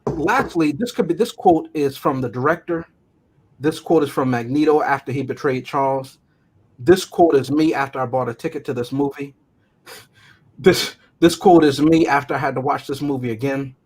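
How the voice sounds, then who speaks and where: Husky laughing man reviewing movies. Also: medium pitch, moderate pace. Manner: animated, laughs often, theatrical quoting. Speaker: podcast co-host. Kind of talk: casual movie review chat.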